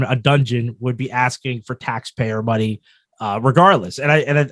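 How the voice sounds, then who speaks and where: A man's voice: mid-range voice, a bit bright, dry recording, studio quality. A man co-hosting a podcast in casual chat, rambling and restarting his thoughts as he works through a point. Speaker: podcast co-host.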